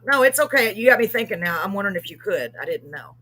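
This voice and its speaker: A woman's voice: mid-range voice, very animated, fast talker, sharp tone, a little hiss or hum. A woman hosting a live streamed show, telling a story casually and rambling with many ums and self-corrections.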